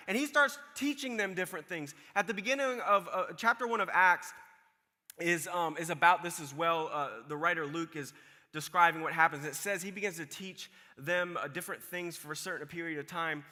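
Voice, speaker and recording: A male pastor preaching in a casual, storytelling way, slipping into the voices of the people he describes. His voice is high and very bright. A long hall reverb hangs on every phrase. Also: brisk. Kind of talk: sermon.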